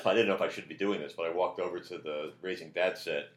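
A man on a podcast, telling long anecdotes in a rambling, animated way and acting out quotes in a loud voice. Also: low voice, fast. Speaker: podcast guest. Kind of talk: casual anecdotal storytelling. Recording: roomy echo.

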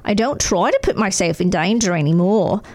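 A mellow, easygoing Australian surfer guy with a relaxed drawl, as a woman puts him on while reading aloud. His voice sits at a middling pitch and swings up and down freely as he talks. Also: brisk, no room sound, lightly acted. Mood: laid-back. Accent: Australian, put on. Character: laid-back male Australian surfer recounting a shark attack.

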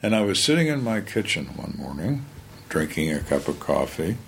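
Casting: older man, very deep voice, blunt, wry ex-detective telling stories, faint noise behind. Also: sing-song, moderate pace. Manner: blunt, plain-spoken, wry. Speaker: retired homicide lieutenant, guest. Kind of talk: candid storytelling interview.

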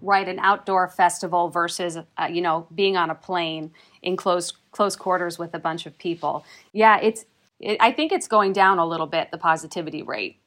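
A woman's voice: on the low side, normal speed, fairly bright tone. A woman reporter casually explaining consumer news in a chatty, self-joking way.

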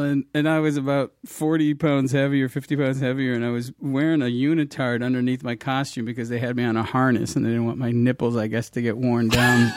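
A man's voice: medium pitch, dry recording. Dry, close-miked rambling middle-aged man. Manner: rambling, laughing storyteller with many restarts. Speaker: comedian guest. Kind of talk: casual interview chat.

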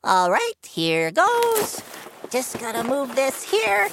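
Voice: high voice, wildly swooping pitch, slow pace, creaky, background noise, exaggerated voice. A voice actor playing a goofy, cheerful male cucumber who co-hosts a cartoon podcast, teasing and joking. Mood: playful. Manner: jokey, teasing, giggly. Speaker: co-host.

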